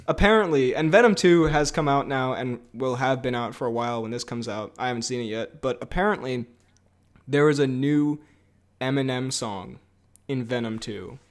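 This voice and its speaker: A man's voice: medium pitch, moderate pace. A man hosting a podcast in casual chat, jokey and rambling, laughing often. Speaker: podcast host.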